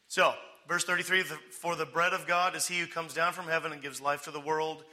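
A man's voice: a little high, brisk, few pauses, bright, forceful tone. A man teaching through a Bible passage in a conversational way, often checking in with "okay?" and acting out the people he quotes with sarcastic humor. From United States. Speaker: preacher.

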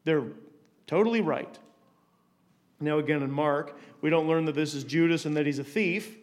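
Guy with a slightly higher voice teaching bible stuff, chatty, repeats himself, lots of questions to the room. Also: moderate pace. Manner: conversational, stumbles and repeats words, asks rhetorical questions.

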